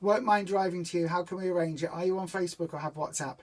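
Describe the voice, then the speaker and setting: A woman's voice: on the low side, fairly even intonation, fast talker, a little mellow. Chatty woman hosting a live stream. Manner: chatty and rambling, self-mocking about bad puns. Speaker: host of a weight-loss group live stream. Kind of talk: casual live-stream chat reading viewer comments.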